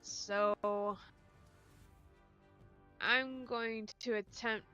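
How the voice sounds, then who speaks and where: Bright wry woman playing a tabletop game. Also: fairly high pitch, steady tone, extremely slow, smooth, muffled recording, faint music behind. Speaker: player. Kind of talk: casual tabletop game chat.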